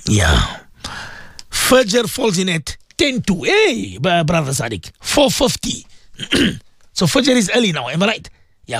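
A man hosting an Islamic radio show as a maulana, preaching with passion and repeating himself for emphasis. He has a sore throat and keeps clearing it. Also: high voice, fairly bright tone, no room sound, studio quality. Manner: impassioned, repetitive, rising to emphatic peaks.

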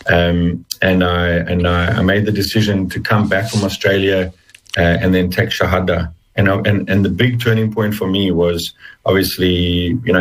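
A middle-aged man with a very low, husky voice speaks in an interview. He talks earnestly and haltingly, often restarting his words, and sounds emotional and close to tears. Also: poor audio. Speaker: interview guest. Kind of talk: personal testimony in an interview.

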